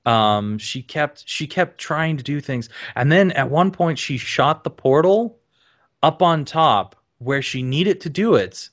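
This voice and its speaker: A man on a casual podcast, telling stories animatedly with lots of ums and sudden high-pitched laughter. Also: animated, slow. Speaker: podcast guest.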